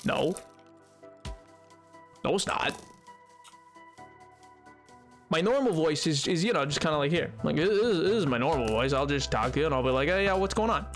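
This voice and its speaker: A high-pitched man chats casually to his stream viewers, excitable and playful, with frequent exclamations. Faint music plays underneath. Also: a little fast. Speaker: livestreamer.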